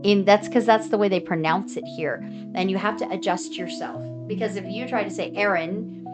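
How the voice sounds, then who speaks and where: A woman's voice: mid-range voice, normal speed. American woman, vlog host, earnest and talkative, music bed under her voice. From United States. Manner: chatty and earnest, often acting out other people's replies. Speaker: vlogger giving advice to foreigners. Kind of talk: casual advice talk.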